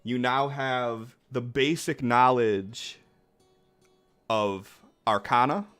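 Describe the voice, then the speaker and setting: A male game master who narrates a tabletop game slowly and easily, pausing often on fillers. Faint music plays underneath his voice. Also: medium pitch, smooth. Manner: relaxed, filler-heavy narration.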